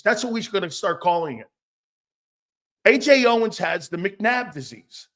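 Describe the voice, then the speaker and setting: A man hosting a casual sports talk show, blunt and animated, swearing freely. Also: high voice, a little slow, pauses often.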